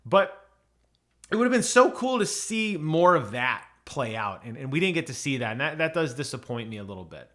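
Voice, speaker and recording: A man's voice: mid-range voice, big pitch swings, fairly quick, sharp tone. A man casually reviewing an audiobook on his channel, chatty, with many ums and restarts.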